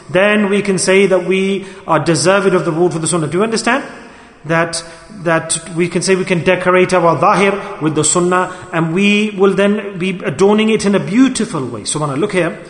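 A man with a high voice delivers an emphatic sermon. He repeats his points and keeps asking his listeners rhetorical questions. His voice rings through a hall with a long, roomy reverb. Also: fairly bright tone. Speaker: preacher.

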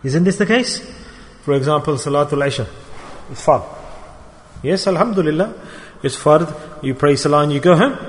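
A man's voice: fairly high pitch, lively intonation, normal speed, long pauses, a little hiss or hum. A man preaching a sermon to a congregation, often asking them questions and calling for their responses. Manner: asks the audience questions and calls for responses. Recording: long hall reverb.

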